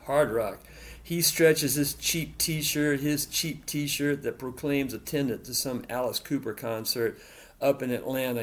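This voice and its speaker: A man narrating a literary story in a rhythmic, repetitive, deliberate delivery. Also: mid-range voice.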